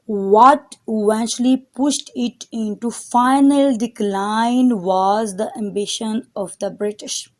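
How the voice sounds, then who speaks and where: A woman's voice: fairly high pitch, steady tone, takes it slowly, hardly any pauses, darkish tone. A woman teacher reading a textbook chapter aloud and stopping to explain words to her students. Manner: reads text aloud, then explains words; addresses her students directly.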